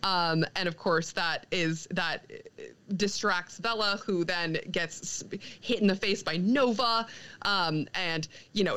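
A young woman chats casually on a podcast, retelling a comic's plot with animated energy. Her voice is bright and smooth, and she slips into quick character lines and laughs along the way. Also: medium pitch, poor audio. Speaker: podcast co-host recapping a comic. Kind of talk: casual chat.

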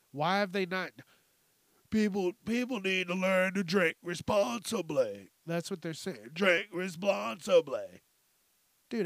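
A young man hosting a podcast, ranting profanely about the news and mocking people in quick put-on voices. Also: high-pitched, a bit bright, no echo. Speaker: podcast host. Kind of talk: casual ranting commentary.

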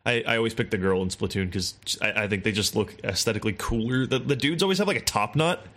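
A man's voice: on the low side, fast, fairly bright tone. A man in his twenties in a casual, profane, rambling chat as podcast co-host. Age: 20s.

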